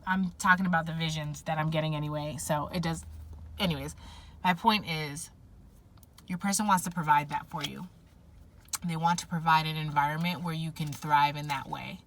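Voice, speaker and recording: A woman giving a casual tarot reading to viewers, rambling with frequent fillers and self-corrections. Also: deep voice. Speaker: tarot reader.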